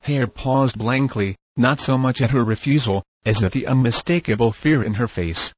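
A man narrating a novel in a measured, steady reading voice. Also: medium pitch, dry recording, low-quality recording. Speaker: audiobook narrator. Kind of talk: scripted narration.

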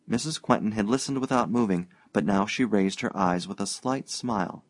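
A man's voice: fairly low pitch, normal speed, hardly any pauses, no echo. Man narrating an audiobook, dry close sound.

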